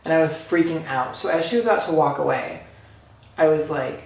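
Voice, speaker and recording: A man's voice: on the high side, fairly quick, creaky. Gushing young man in an echoey room. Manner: breathless, gushing retelling with many "like"s. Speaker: vlogger. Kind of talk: excited storytime recap.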